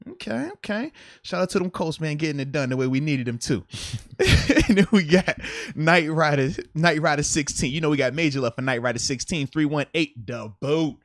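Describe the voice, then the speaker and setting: A man co-hosting a casual sports podcast, playful and animated, laughing often as he talks. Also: fairly high pitch, a little fast, no echo, clean studio sound. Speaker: podcast co-host.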